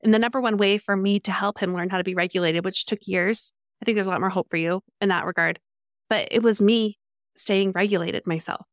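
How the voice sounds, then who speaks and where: A middle-aged woman coach speaking calmly and reflectively, with many affirming murmurs. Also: mid-range voice, brisk, no room sound, clean studio sound. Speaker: parenting coach. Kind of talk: coaching conversation.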